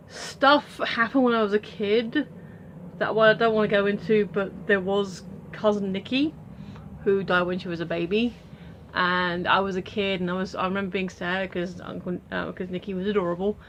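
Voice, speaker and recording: British woman vlogger, casual rambling talk with lots of ums, mid-pitched voice. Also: steady tone, normal speed, a bit bright, a little hiss or hum. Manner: rambling with many ums and restarts. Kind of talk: casual chat to camera.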